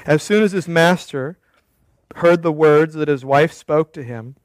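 A man preaches a sermon in a church, with a voice set a bit high for a man. He keeps it conversational and wry, teasing the congregation as he goes. The sound is close and dry. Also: measured pace, dry recording. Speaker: pastor.

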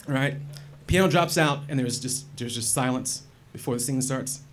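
A man telling a personal story in a wry, animated and profane way. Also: medium pitch, brisk. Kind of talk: personal story told to an audience.

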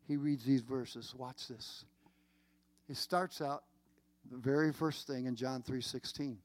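A man preaching a sermon, emphatic and repetitive, with dramatic pauses. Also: medium pitch, a little mellow, no echo. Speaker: pastor.

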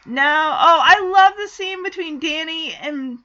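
A woman's voice: very high voice, a little slow, bright, forceful tone, lo-fi sound. A woman in casual recap chat, chatty and giggly, acting out character lines as she goes. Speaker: TV show recapper.

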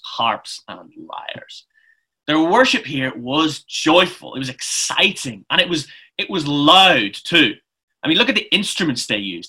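A man's voice: a little high, pushed and bright. A man giving a chatty, informal sermon, often restarting his phrases. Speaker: preacher.

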